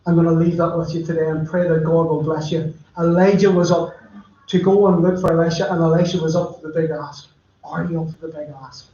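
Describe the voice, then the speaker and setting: A man preaching, his voice sitting a bit high for a man. He tells stories in a chatty, direct way. The sound is very echoey and muffled, like a church livestream. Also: flat delivery, brisk, warm tone. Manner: chatty storytelling, addressing listeners directly. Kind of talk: sermon.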